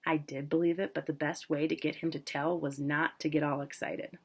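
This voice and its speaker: A woman reading a first-person novel aloud in a plain, unhurried way. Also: low voice, little pitch movement, vocal fry, breathy edge. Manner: plain, unhurried, with casual asides about pronunciation. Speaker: reader.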